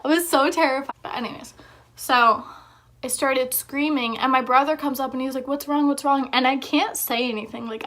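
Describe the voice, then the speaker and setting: A woman's voice: sits high, bright, forceful tone. A young woman vlogger telling a story in a chatty, casual way, with lots of filler words.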